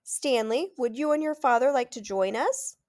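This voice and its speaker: A woman's voice: high voice, normal speed, a little mellow, voice pushed up, close to an everyday voice. A woman reading aloud, voicing a cheerful, welcoming mother.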